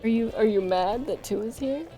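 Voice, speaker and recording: Giggly high-voiced woman streamer. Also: moderate pace, warm tone, faint music behind. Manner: playful, giggly and rambling. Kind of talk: casual livestream chat.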